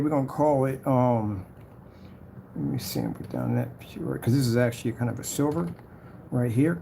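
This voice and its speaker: A man's voice: mid-range voice, gravelly, noisy background. A man narrating as he designs his product's ad, boasting about it and muttering to himself. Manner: boastful, hypes his product, trash talks rivals; mutters and whispers to himself while working. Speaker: small business owner making a product ad. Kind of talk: casual talk-along screen recording.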